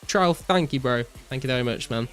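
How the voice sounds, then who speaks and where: A young British man live-streaming a game, casually chatting and excitedly thanking viewers, swearing often. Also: medium pitch, a little fast, soft background music. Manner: excitable, swears a lot, thanks donors profusely.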